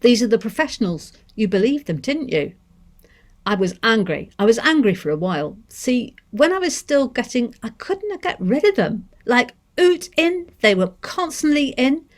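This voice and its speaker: A woman's voice: fairly high pitch, very animated, normal speed, pitched above the performer's own voice. A woman from Manchester reading aloud the words of an angry young Scottish mother, with a Scottish lilt and a heated, self-questioning manner. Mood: resentful.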